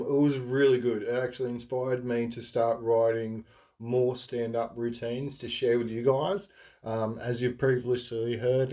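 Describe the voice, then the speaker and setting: A man's voice: medium pitch, warm tone. A man telling rambling stories in a casual monologue, full of ums and giggles. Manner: rambling, giggly, lots of fillers. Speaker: podcast host.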